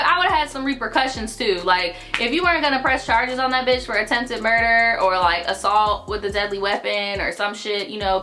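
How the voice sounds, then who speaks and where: A woman's voice: on the high side, bright, forceful tone. A young woman hosting a storytime channel, reading viewer stories aloud and cutting in with blunt, profane commentary. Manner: sassy, blunt, profane asides.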